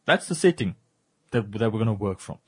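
A man from Namibia co-hosts a relaxed radio talk show and jokes and teases as he speaks. His voice is husky and slightly rough. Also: fairly low pitch, fairly quick. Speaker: co-host.

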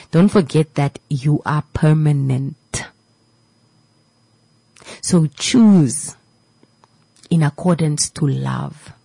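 A woman hosts a radio show with a low voice, giving a heartfelt motivational talk to her listeners. She repeats her lines and sinks into near-whispers, and her voice comes across dry and close on a studio mic. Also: vocal fry, darkish tone, breathy edge, no echo, rough recording. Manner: repetitive, preachy, emotional, drops to a whisper at times. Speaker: radio host.

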